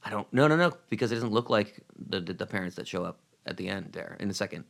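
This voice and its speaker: A man's voice: on the low side, expressive, quick pace, creaky. A man co-hosting a casual podcast, recapping an episode with dry, wry remarks. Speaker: podcast co-host.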